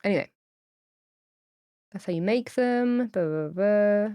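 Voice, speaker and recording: A woman with a medium-pitched, warm, clean voice speaks slowly, recorded with studio quality and no echo. She's live-streaming a game on a streaming mic with her camera off, chatting casually and rambling to viewers with plenty of fillers. She gets tearful gushing over cute pets.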